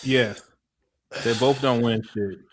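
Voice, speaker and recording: A man's voice: medium pitch, fairly even intonation, slow pace, dry recording. A man on a casual podcast panel, making blunt, crude and teasing remarks.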